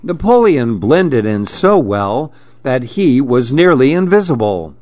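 A man reading a children's storybook aloud, gentle and expressive. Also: medium pitch, unhurried, no room sound, muffled recording.

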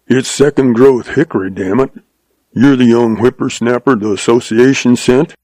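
A man voicing an irritable, grumbling old male rancher with a gruff, growling drawl. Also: medium pitch, moderate pace, warm tone, no room sound, natural voice, poor audio.

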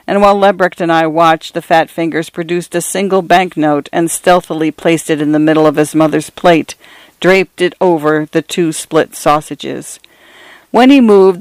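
A woman hosting a radio program, reading short stories aloud in a measured literary style. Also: low voice, no room sound. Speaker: radio host and reader. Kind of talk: scripted short story narration.

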